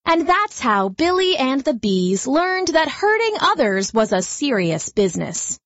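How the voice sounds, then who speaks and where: A woman narrating a children's story in a gentle, lively storytelling manner. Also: high voice, unhurried, dry recording, dull audio.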